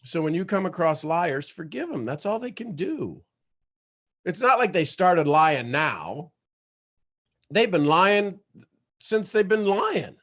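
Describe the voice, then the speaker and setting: Motivational guy on a livestream, kinda high voice, preachy and animated. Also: normal speed. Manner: animated storyteller, preachy and emphatic. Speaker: motivational show host.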